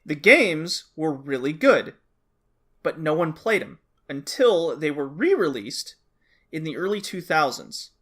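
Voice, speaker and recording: A man with a somewhat high voice talks through a topic on a casual podcast. He explains at length, restarts his sentences, and keeps checking in with his co-host. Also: big pitch swings, unhurried, fairly bright tone.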